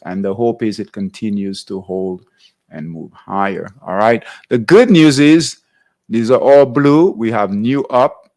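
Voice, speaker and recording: A man's voice: medium pitch, gravelly, darkish tone. A man hosting a live trading workshop, thinking aloud over charts and checking in with "all right?" between phrases. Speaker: trading show host.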